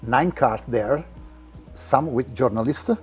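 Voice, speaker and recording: A man with an Italian accent, a car collector giving a tour of his garage and talking in halting English with many restarts. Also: mid-range voice, soft background music. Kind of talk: casual interview while walking a car collection. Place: indoor garage.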